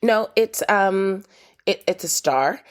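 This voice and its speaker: A woman's voice: mid-range voice, expressive, takes it slowly. An American woman in her thirties, a podcast guest telling stories in casual chat and laughing as she talks. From United States. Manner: chatty storyteller, laughs while talking.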